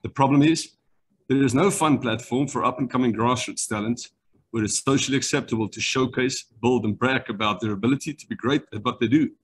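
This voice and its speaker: A man from South Africa with a South African accent, delivering a brisk, rehearsed startup pitch over a video call. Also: a little hiss or hum. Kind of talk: online pitch presentation.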